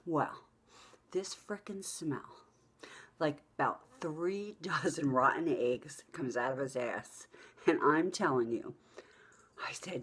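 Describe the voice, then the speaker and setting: A husky, lower-pitched woman in middle age chats straight to her viewers. She tells stories bluntly and with plenty of profanity, animated and unfiltered. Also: takes it slowly. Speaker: vlogger. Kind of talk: casual storytelling to camera.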